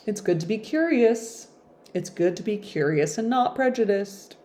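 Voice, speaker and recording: A woman's voice: medium pitch, expressive, normal speed, warm tone. A woman reading a classic novel aloud in a casual way, breaking off for chatty, playful, self-deprecating asides.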